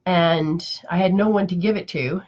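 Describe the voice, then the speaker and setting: A woman's voice: fairly low pitch, fairly even intonation, normal speed, dull audio. A woman spiritual teacher in casual live chat, telling stories in a rambling, emotional way with many restarts.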